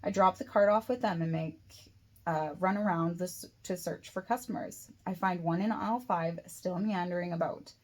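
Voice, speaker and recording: A woman's voice: fairly low pitch, normal speed. A woman reads her own novel aloud as first-person audiobook narration. Her delivery is plain and unpolished, and she stumbles and restarts lines now and then. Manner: plain reading with occasional slips and restarts. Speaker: author reading her own book.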